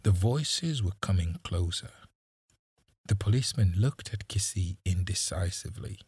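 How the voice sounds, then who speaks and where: Male audiobook narrator, low husky voice, slow and dry, measured dramatic delivery. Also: expressive, a little mellow, dry recording.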